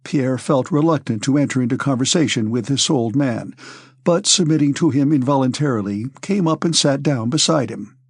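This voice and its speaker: A man narrating a classic novel as an audiobook, in a measured, even storytelling manner, close to the mic. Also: medium pitch, breathy edge, no echo.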